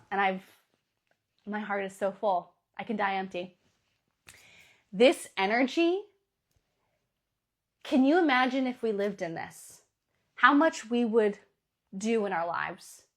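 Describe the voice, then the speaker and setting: A woman astrologer and coach giving a motivational pep talk, animated and emphatic, with sudden bursts of excitement. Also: medium pitch.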